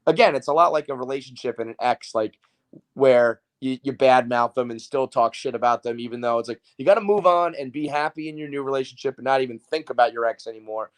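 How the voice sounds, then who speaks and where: A man hosting a sports podcast, talking fast and loose in casual banter with a lot of swearing. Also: mid-range voice. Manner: profane, excitable sports banter. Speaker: podcast host. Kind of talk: casual chat.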